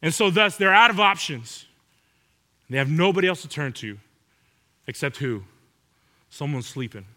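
A man's voice: on the high side, sing-song, normal speed, long pauses, pushed and bright. A man preaching a sermon in a conversational way, asking the congregation rhetorical questions.

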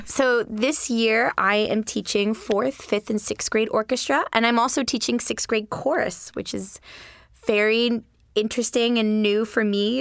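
A woman's voice: medium pitch, a bit bright, smooth, dry recording, studio quality. A woman in her thirties, a music teacher, chatting in an interview and telling stories with many fillers and restarts. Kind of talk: casual interview chat.

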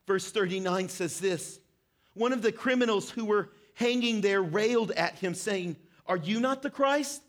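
A man's voice: sits high, fairly bright tone. A man preaching a sermon in a church hall, earnest and building to emphatic repetition. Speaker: pastor.

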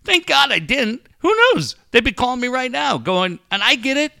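A man with a high, bright voice that leaps around as he rants on a podcast. He swears freely and mimics other people mid-story. The delivery is casual and animated. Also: normal speed, creaky, dry recording, studio quality. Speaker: podcast host. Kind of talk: casual profane podcast chat.

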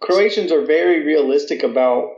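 A man's voice: fairly high pitch, moderate pace, a little mellow. An American man talking casually in an interview, chatty and self-deprecating, with lots of fillers. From United States. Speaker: guest, American living in Croatia. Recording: echoey room, slightly dull audio.

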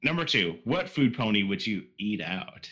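A man's voice: lowish voice, sing-song, normal speed, pushed and bright, rough recording. A man hosting a podcast, reading out listener questions in a loose, joking way. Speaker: podcast host. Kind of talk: casual chat.

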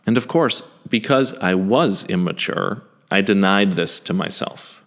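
A man in his forties telling a first-person story in a self-deprecating, animated way, with some swearing. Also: sits low, unhurried, hardly any pauses. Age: 40s.

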